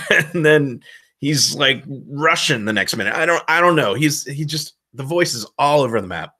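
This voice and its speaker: A man giving casual advice as a game master, loose and self-deprecating, rambling with a relaxed tone. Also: on the high side, moderate pace. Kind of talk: casual instructional talk.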